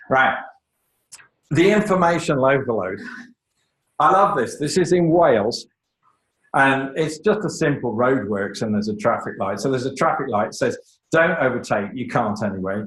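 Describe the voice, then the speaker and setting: A man giving a lively, emphatic lecture on public speaking, with joking asides to the audience. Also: mid-range voice, normal speed, echoey room, low-quality recording. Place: lecture room.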